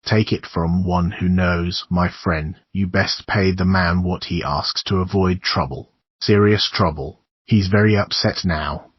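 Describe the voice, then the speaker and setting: A man voicing a shabby older male neighbor who gives grim, conspiratorial warnings in a low husky voice. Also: fairly even intonation, unhurried, no echo. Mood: ominous. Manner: conspiratorial warnings, keeps calling the listener son. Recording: dull lo-fi dry recording.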